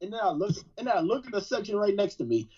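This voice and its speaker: A man's voice: high-pitched, big pitch swings, quick pace, a little mellow, breathy edge. A man co-hosting a podcast, telling stories casually with frequent restarts. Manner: storytelling with repeated restarts. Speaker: podcast co-host. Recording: dull lo-fi sound.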